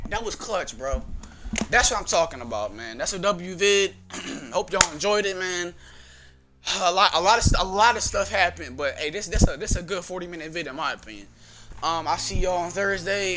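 A man giving excitable, slangy gameplay commentary, reacting loudly as he plays. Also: high-pitched, normal speed, crowd noise. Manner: casual slangy talk. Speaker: gaming channel host. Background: game music.

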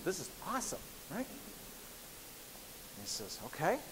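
A man's voice: high voice, expressive, moderate pace, a bit bright. Playful male lecturer in a hall. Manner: playful, chatty, checks in with frequent "okay?". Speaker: university biochemistry lecturer. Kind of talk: live classroom lecture. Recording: hissy lecture-hall recording with long reverb.

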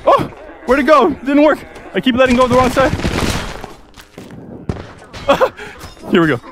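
Excitable high-voiced man hosting a game stream. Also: a little slow, noisy background. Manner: excitable, shouting, hyping viewers. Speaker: gaming livestream host. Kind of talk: live game commentary.

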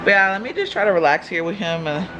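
A woman's voice: lowish voice, quick pace, dull audio. A young woman chatting casually to her phone camera as a mom vlogger at home, calling her viewers y'all. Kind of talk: casual vlog talk to camera. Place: at home with babies. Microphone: phone held by hand. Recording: noisy home phone recording.

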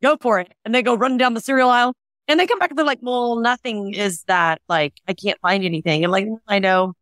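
High-voiced woman acting out stories. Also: fast talker, dry recording, studio quality. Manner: animated storyteller who acts out quoted dialogue. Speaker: fitness and nutrition expert guest. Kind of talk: casual podcast chat.

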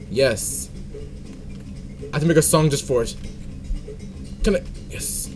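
A man's voice: on the high side, unhurried, long pauses, darkish tone, soft background music. A young man giving playful let's-play commentary, singing silly made-up tunes and scolding the game. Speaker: gaming channel host.

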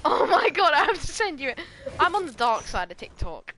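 A woman's voice: high voice, big pitch swings, a little fast. A young woman livestreaming a game, chatting playfully and teasing her friend. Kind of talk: casual gaming chat. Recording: loud music behind. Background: loud music.

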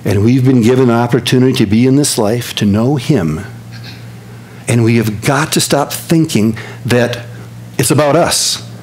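An older man preaching a sermon as pastor, telling stories with lively swings from excited high tones to low hushed earnestness. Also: normal speed, rough recording.

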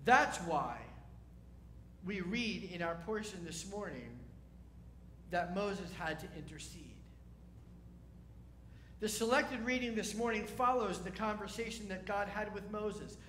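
A rabbi gives a sermon in a chatty, wry manner and keeps asking his listeners questions. His voice is high and lively. It echoes around the hall. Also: unhurried, long pauses, slight background noise.

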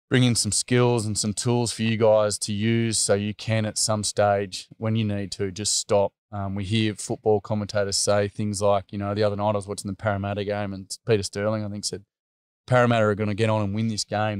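A man's voice: lowish voice, level tone, a little fast, darkish tone, clean tone, no room sound. A middle-aged Australian man telling a personal story earnestly, with many fillers. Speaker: interview guest.

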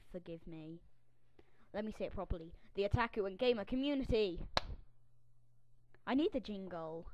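A woman's voice: medium pitch, no room sound, low-quality recording. Theatrical young woman giving a dry screen tour. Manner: theatrical, self-mocking, grumbling asides. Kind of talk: casual screen-recording walkthrough.

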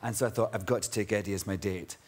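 A middle-aged man with a Scottish accent, a chat show guest telling a lively anecdote and acting out other people's voices. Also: fairly low pitch, fast talker, breathy edge. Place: TV studio with live audience. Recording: studio audience laughter and noise.

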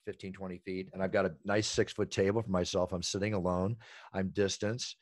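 A middle-aged man telling stories in an animated, emphatic way as an interview guest. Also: low voice, a little fast, no echo. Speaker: ring announcer and guest. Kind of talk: energetic interview talk.

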